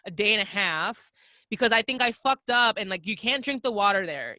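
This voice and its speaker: A woman's voice: mid-range voice, a little fast, dry recording. A young adult woman, a podcast guest, telling travel stories in casual, profane chat and acting out the voices she quotes. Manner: profane, animated storyteller who acts out quoted voices.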